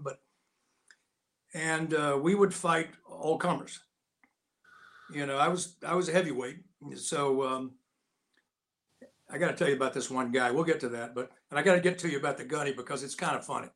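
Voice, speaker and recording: An older man spins a lively anecdote as a guest, and his voice sits a touch high for a man. He jumps into the voices of the people in his story as he goes. The talk is loose and conversational. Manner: lively anecdotal, acts out quotes. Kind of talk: casual storytelling.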